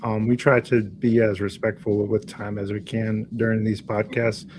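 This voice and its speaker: A man's voice: fairly low pitch, little pitch movement, normal speed, a little mellow, a little hiss or hum, rough recording. A man hosting a reseller podcast, guiding guests in a laid-back, friendly way. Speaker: podcast host. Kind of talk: casual chat.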